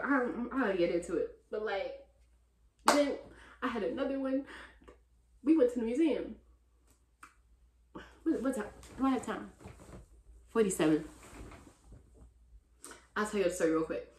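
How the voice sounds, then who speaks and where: A woman in her twenties runs a relaxed Q&A vlog, chatting straight to her viewers and calling them y'all. When something annoys her she gets loud and animated. Her voice sits at a middle pitch and carries a roomy echo. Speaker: vlogger answering viewer questions. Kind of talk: casual Q&A vlog chat.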